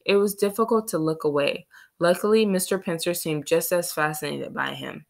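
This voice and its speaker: A woman narrating a children's novel in a steady storytelling read. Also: fairly low pitch, normal speed, creaky. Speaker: audiobook reader. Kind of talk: scripted narration.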